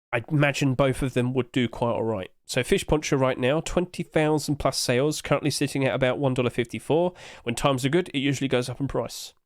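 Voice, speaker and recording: A man's voice: medium pitch, dry recording, studio quality. A man chatting casually to his live-stream audience, humming little filler noises as he clicks through pages.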